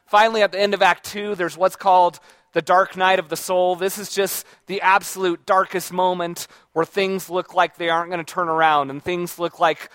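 Man in his own voice, high-pitched, dry close sound, loose conversational lecturer who quizzes the room. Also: little pitch movement, moderate pace, a bit bright, clean tone, no room sound. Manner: conversational, with frequent fillers and restarts; checks in with the audience by asking questions. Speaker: speaker giving a talk to an audience. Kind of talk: informal lecture. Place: room with a live audience.

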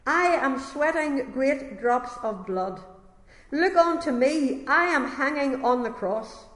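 A fervent, plain-spoken lay preacher, as a woman puts him on pleads with his hearers in a raised, high voice and hammers each phrase over and over. The sound rings through a long, echoing hall. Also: expressive, takes it slowly, a bit bright, exaggerated voice. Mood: impassioned. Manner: impassioned, repetitive pulpit exhortation. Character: uneducated old-time male lay preacher, fervent and pleading. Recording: echoey hall reverb.

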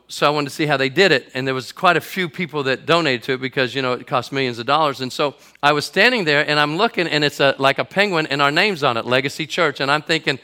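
Middle-aged pastor guy preaching, pretty high voice, tells a story and gets loud at the big moments. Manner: lively storyteller, builds to shouting at the climaxes. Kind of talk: sermon with a comic story. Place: church auditorium before a congregation.

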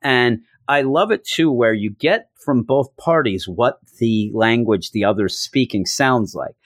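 A man casually recapping a comic book issue, chatting loosely and acting out the characters in quick put-on voices. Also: medium pitch, expressive, dry recording, studio quality.

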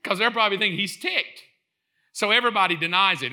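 Man preaching a sermon, high voice, very bright and forceful, animated, acts out voices. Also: fast. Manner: builds to impassioned shouting.

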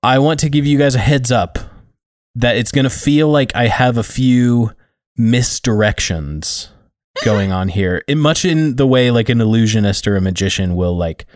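A man's voice: mid-range voice, normal speed, darkish tone, dry recording, clean studio sound. A man from Montana co-hosting a casual podcast chat, laid-back and chuckling as he talks through his topic. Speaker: podcast co-host. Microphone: remote call mic.

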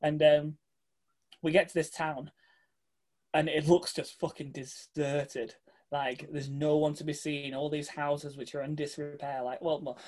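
A fairly high-voiced man tells a rambling road-trip tale with plenty of swearing and energy. He slips into quick impressions of the people he met along the way. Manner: animated, swears freely, mimics people he met. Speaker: guest telling a travel story. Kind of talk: casual anecdote.

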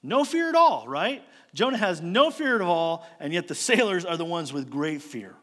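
A man preaching a sermon as a storyteller, posing rhetorical questions and moving between loud emphasis and quiet asides. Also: on the high side, expressive, normal speed. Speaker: pastor. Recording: long hall reverb.

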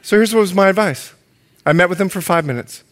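A male pastor preaching a sermon, telling stories in an animated and dramatic way. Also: high voice, fast.

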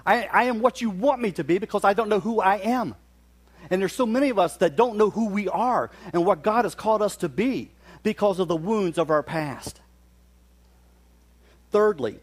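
A man's voice: sits high, normal speed, slightly rough. A middle-aged man from West Virginia, preaching a sermon in a folksy, storytelling manner with touches of humor.

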